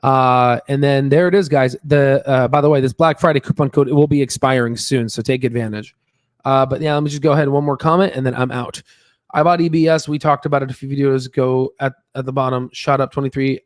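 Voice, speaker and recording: A man's voice: medium pitch, steady tone, fairly quick, no room sound, clean studio sound. A man hosting a stock market channel, talking casually and emphatically, repeating himself with lots of fillers and "okay?" tags. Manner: emphatic, repeats words, many fillers and tag questions. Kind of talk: casual stock analysis talk.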